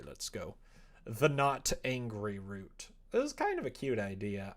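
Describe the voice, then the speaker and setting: Wry, joking male game streamer. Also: fairly low pitch. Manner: playful, wry asides while reading game text aloud. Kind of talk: casual live-stream commentary.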